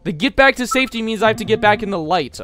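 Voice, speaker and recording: A young man from America streaming a horror game live, shouting bursts of hype and muttering asides to chat. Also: high-pitched, expressive, fast, soft background music.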